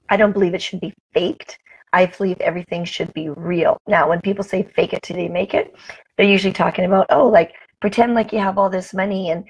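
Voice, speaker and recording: A woman's voice: mid-range voice, gravelly, husky, poor audio. A woman talking straight to her camera in a casual live morning chat, upbeat and chatty, greeting viewers by name. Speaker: motivational vlogger. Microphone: camera mic, talking straight to camera.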